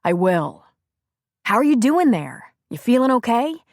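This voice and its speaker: A woman narrator voicing a young male Marine calling his wife, warm and teasing. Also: fairly high pitch, sing-song, a little slow, no echo, studio quality, voice pushed up. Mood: affectionate.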